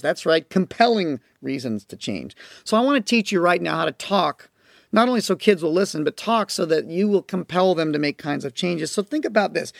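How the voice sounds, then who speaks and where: A man's voice: sits high, creaky, no room sound, clean studio sound. A man teaching parents as a coach, talking emphatically and repeating his key phrases. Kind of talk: instructional talk to parents.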